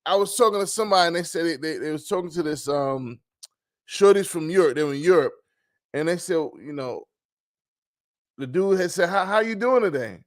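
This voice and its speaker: A man hosting a casual interview, slangy and laid-back, animated when he gets going. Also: fairly high pitch, brisk, pauses often. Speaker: podcast host.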